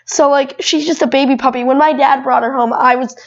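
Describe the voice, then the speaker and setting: A woman's voice: high-pitched, steady tone, brisk, dull audio. A twelve-year-old girl who is a guest on a podcast. She chats casually and rambles, with lots of "like" and restarts. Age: 12 years old. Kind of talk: casual chat.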